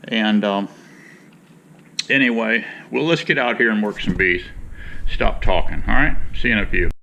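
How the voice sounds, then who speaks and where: A man's voice: on the low side, moderate pace, vocal fry, pushed and bright, dull audio, a little hiss or hum. A man from Michigan chatting casually to viewers in a folksy, rambling way as he mixes tea outdoors before working his bees. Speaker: beekeeper vlogger. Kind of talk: casual vlog chat. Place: outdoors in hot sun.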